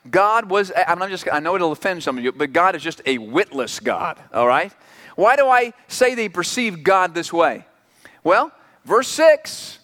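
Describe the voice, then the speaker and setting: High-voiced man preaching in a reverberant hall. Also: fairly bright tone. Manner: emphatic, conversational preaching, rhetorical questions. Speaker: pastor. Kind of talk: sermon.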